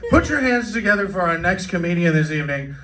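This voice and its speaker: A man working as emcee, shouting to hype up the audience and introduce the next comic. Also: high-pitched, very animated, fast. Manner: shouting hype over applause. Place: comedy club, indoors. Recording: distant mic over loud crowd. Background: loud crowd clapping and cheering.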